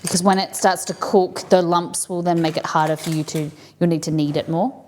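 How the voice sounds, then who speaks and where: A woman's voice: on the low side, steady tone, brisk, darkish tone, a little hiss or hum. A woman hosting a live cooking stream, chatting casually and thinking aloud as she works in a home kitchen.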